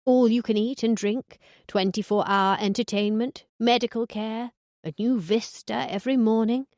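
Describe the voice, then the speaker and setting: A woman's voice: fairly high pitch, fairly even intonation, normal speed, a little mellow, dry recording, pitched above the performer's own voice, lightly acted. A woman doing a blunt, foul-mouthed old lady. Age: older. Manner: blunt and crude, dry put-downs. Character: blunt, foul-mouthed older woman living on a cruise ship. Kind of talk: audiobook dialogue.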